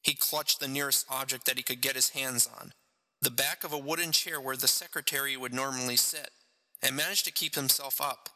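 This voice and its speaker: Bright-voiced man reading his story. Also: mid-range voice, steady tone, a little fast, poor audio. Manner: jokey, chatty asides. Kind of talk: story narration and casual chat.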